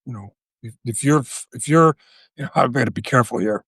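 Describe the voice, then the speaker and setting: Animated older man telling stories, swearing. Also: mid-range voice, fast, vocal fry, slightly rough, no echo, studio quality. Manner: animated, profane, asks "right?" often. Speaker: guest, author and veteran. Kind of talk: casual interview storytelling.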